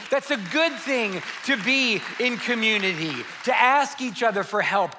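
A man preaching a sermon to a church congregation, lively and conversational, with rhetorical questions and repeated phrases. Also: very high-pitched, background noise. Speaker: pastor.

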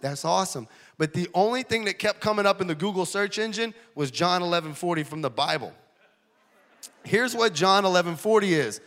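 A man giving a lively, joking church testimony as guest speaker. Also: high voice, long reverb tail. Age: 30s. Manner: energetic, jokey, casual preacher talk. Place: church auditorium.

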